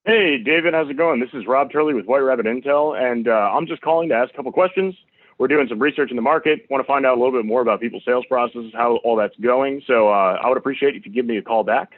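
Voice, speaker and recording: A man's voice: medium pitch, fast talker, no echo. A man making polite, upbeat cold calls and chatting casually about them. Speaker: sales caller. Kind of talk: cold calling and casual chat. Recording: tinny dry phone-like audio.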